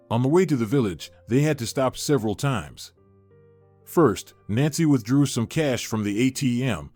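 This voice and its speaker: A man reads a family story aloud in a steady, scripted way, his voice sitting at a middle pitch. The sound is dry and close to the mic, with faint music behind him. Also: dry recording. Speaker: narrator. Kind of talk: scripted narration.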